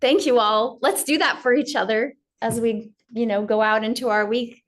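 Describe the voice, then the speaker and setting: A woman teacher giving a gentle, story-filled spiritual talk on yoga. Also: fairly high pitch, fairly even intonation, moderate pace.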